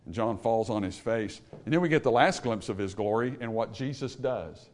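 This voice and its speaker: In a sermon before his congregation, a male preacher shifts from soft, low moments to booming, emphatic ones, asking rhetorical questions along the way. His pace is moderate.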